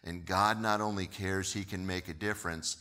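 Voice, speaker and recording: A man preaching a sermon, telling the story in an animated way and often repeating words as he goes. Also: low-pitched, moderate pace, in a large hall. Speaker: pastor.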